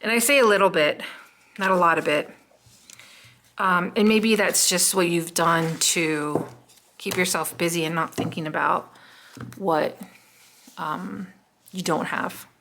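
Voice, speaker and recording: Woman tarot reader, lowish gravelly voice, casual and musing, fillers throughout. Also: steady tone, a little slow, long pauses, background noise. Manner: musing, chatty, many "um" fillers.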